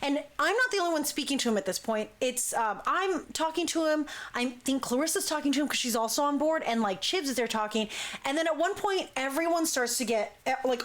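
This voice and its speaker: A woman hosting a talk show, telling a story in a lively, casual way and acting out what people said. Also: high voice. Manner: lively, acts out quoted speech. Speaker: talk show host, dance crew member.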